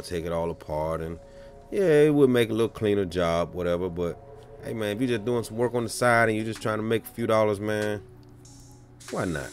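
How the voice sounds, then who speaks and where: A man's voice: fairly low pitch, a little hiss or hum. A man talking casually as an auto body painter, laid-back, with many "um" and "man". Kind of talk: casual voice-over of a paint job.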